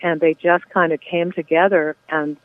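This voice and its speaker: A woman's voice: on the low side, little pitch movement, moderate pace. Enthusiastic woman playwright on a phone line. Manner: warm, enthusiastic, chatty with frequent yeahs. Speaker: playwright, interview guest. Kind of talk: casual interview talk.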